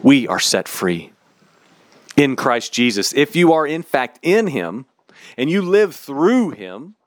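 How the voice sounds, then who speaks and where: A man preaching a sermon in an emphatic, candid, animated way. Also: mid-range voice, takes it slowly, no echo.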